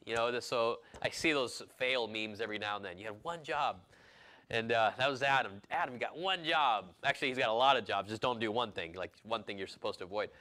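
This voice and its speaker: Bright-voiced preaching man. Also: on the low side, quick pace, few pauses. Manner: conversational preaching, rising to emphatic. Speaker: pastor. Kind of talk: sermon. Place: church sanctuary.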